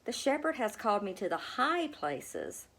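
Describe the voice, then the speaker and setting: A frightened young woman pilgrim, voiced by a woman reading a storybook, begs for help in a raised, tearful voice. Her pitch climbs high and shakes with pleading. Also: sing-song, normal speed, a bit bright, full character voice.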